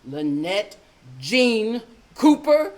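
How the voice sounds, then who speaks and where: A woman voicing a stern, angry mother who speaks slowly in a deep voice. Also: sing-song, noisy background, heavily acted. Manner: slow, stern, drawn out.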